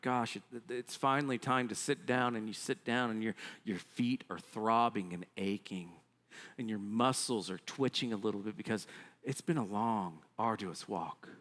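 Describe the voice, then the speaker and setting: A male pastor delivers a sermon in an unhurried, deliberate way, his voice rising and falling widely as he retells a story. He talks conversationally, sprinkling in asides and acting out the complaints of the people in the story. The sound rings with the long reverb of a church sanctuary. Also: medium pitch. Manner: animated storytelling, acts out quoted complaints; conversational, frequent "I mean" asides.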